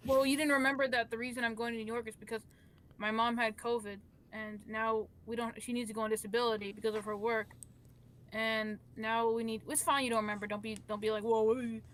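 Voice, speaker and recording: A woman's voice: fairly high pitch, flat delivery, fast, fairly bright tone, a little hiss or hum. A woman making up a story on the spot in casual chat, rambling with restarts and asides. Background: guitar music.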